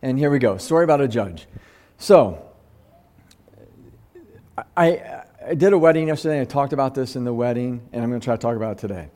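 A man's voice: medium pitch, brisk, long pauses, a little mellow. A man preaching a conversational sermon, earnest and close to tears, often restarting his sentences. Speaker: pastor.

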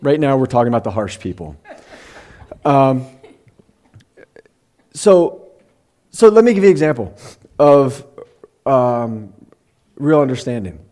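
Emotional man with a lively preaching voice. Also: medium pitch. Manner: conversational, often gets emotional; slows down to read scripture aloud. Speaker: pastor. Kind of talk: sermon.

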